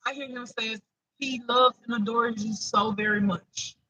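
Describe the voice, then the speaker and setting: A man's voice: very high voice, steady tone, measured pace, sharp tone, no room sound, rough recording. A man giving an improvised spiritual reading to viewers, emotional and close to tears, repeating himself in a chatty way. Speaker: intuitive spiritual reader.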